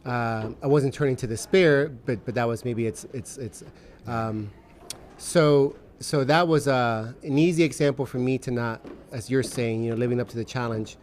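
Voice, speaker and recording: A man's voice: mid-range voice, normal speed, a little mellow. A man in his thirties talks reflectively in a casual faith podcast, often asking questions. He has a mid-range voice. A faint noise sits behind him. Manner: reflective, questioning, frequent affirming murmurs. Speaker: podcast co-host.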